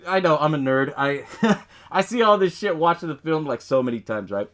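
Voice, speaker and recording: Profane, lively young man recapping a film. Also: a little high, moderate pace. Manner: profane, laughs often, quotes film lines. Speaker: podcast host. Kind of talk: casual movie recap.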